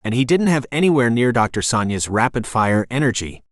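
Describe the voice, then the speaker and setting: A man narrating a romance audiobook in the first person, calm and even. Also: mid-range voice, brisk, no echo, clean studio sound.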